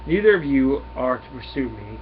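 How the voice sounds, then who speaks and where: A man's voice: mid-range voice, sing-song, moderate pace, natural voice. A man reading as a ruthless alien slaver captain. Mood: threatening. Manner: cold threatening commands. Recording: dull lo-fi recording, faint hiss.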